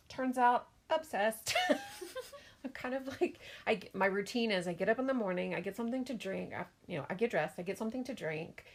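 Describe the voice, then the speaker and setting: A woman's voice: mid-range voice, creaky. A middle-aged woman co-hosting a casual podcast with her daughter, chatty and self-mocking, laughing often. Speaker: podcast co-host, mother. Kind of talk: casual chat.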